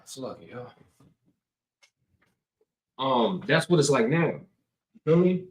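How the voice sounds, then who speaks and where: A preacher films himself on a camera mic indoors, the room giving a roomy echo. His mid-range voice moves slowly with big pitch swings as he reads scripture, then riffs on it in a loose, slangy, conversational way.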